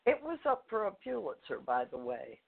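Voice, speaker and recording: An older woman, a guest author, telling a personal story in a phone interview, halting, with fillers, restarts and soft laughs. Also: medium pitch, huge pitch swings, vocal fry, husky. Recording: tinny phone line.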